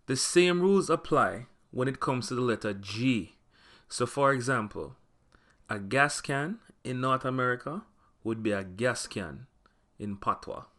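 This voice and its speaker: A man narrating a scripted language lesson, speaking clearly and slowing down to spell out example words. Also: mid-range voice, bright, forceful tone. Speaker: language teacher.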